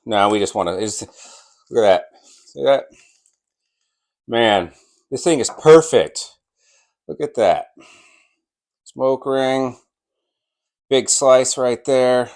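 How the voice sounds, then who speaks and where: A man hosting a barbecue vlog, slicing and tasting brisket, enthusiastic and sometimes talking with his mouth full. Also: medium pitch, darkish tone. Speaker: barbecue channel host. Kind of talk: casual cooking vlog while slicing and tasting.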